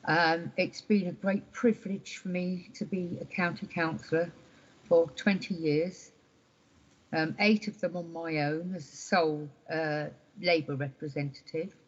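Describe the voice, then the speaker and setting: A woman councillor speaks in a heartfelt way during an online meeting. Her voice sits slightly low, and the audio is dull. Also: fairly even intonation, measured pace. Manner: heartfelt, emotional. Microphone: video call. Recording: dull lo-fi video call audio.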